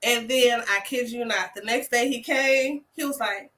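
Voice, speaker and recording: Young woman chatting live, high bright voice, loud animated stories and slang. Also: normal speed, rough recording. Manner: animated storytelling, slangy, lots of fillers. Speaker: host, family home child care provider. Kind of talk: casual live chat.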